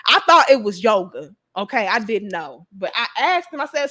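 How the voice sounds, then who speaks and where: Animated high-voiced woman telling a story. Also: moderate pace, hardly any pauses. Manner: animated, chatty, swears freely, addresses viewers as y'all. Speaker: vlogger. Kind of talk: casual storytelling to viewers.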